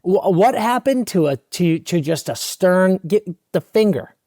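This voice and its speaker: Young male co-host, over-the-top ranter, higher pitch, dead dry booth. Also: lively intonation, measured pace, dark tone, dry recording. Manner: mock-outraged ranting, exaggerated. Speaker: podcast co-host. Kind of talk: casual comedic podcast banter.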